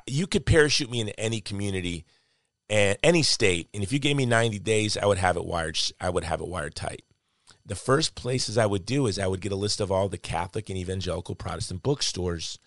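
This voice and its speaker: A middle-aged man with a New Jersey accent, hosting his show and telling a story in a casual, animated way. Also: fairly low pitch, dry recording, clean studio sound. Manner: animated, acts out quoted voices. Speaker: show host.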